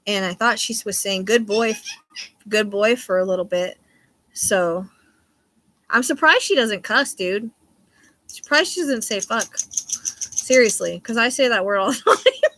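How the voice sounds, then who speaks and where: Bright sounding woman chatting to her stream, cusses casually, rambles on. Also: mid-range voice, lively intonation, a little slow, long pauses, dry recording. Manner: chatty, swears casually, reads chat. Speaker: livestream host. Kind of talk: casual livestream chat.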